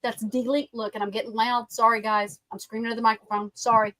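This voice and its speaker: A woman's voice: fairly high pitch, level tone, fairly quick, a bit bright, no echo, poor audio. A woman with a Southern US accent hosting a livestream, talking bluntly with heated profanity. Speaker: livestream host. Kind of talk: casual heated livestream chat.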